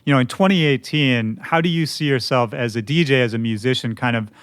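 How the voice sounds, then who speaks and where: A man's voice: mid-range voice, a little fast, fairly bright tone, smooth, no room sound. A man hosting a music podcast, asking rambling questions in an easygoing, agreeable way. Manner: easygoing, agreeable, lots of yeahs and you-knows. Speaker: podcast host. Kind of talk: casual interview chat.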